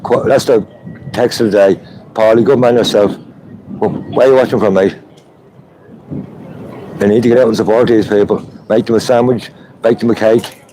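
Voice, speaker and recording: Low, mellow Irish man livestreaming. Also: steady tone, moderate pace, pauses often, slight background noise, poor audio. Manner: chatty, greeting viewers by name. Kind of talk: live street stream. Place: outdoors at a street protest.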